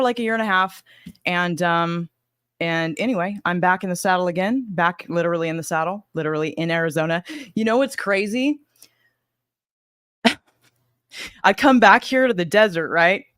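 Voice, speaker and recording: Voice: mid-range voice, normal speed, long pauses, a bit bright, clean tone, dry recording, studio quality. A livestream host with a slight Southern US accent, chatting casually and rambling while greeting viewers by name. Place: home in Arizona.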